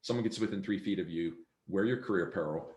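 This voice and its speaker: Over a video call, a man with a deep, darkish voice runs a real estate sales training at a quick pace, acting out the dialogue in his stories. The recording has a roomy echo.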